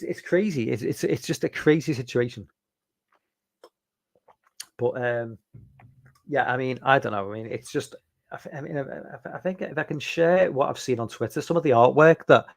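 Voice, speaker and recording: A man's voice: medium pitch, gravelly, dry recording. Rambling man hosting a live stream. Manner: rambling, many fillers and restarts; reads out and answers viewer chat. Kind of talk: casual live-stream chat.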